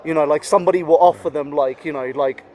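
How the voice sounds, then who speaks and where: A man's voice: a little high, steady tone, fast, a little mellow. A man talking as a podcast guest in casual conversation, rambling with many fillers and swearing bluntly. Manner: rambling, heavy with "you know" and "like" fillers.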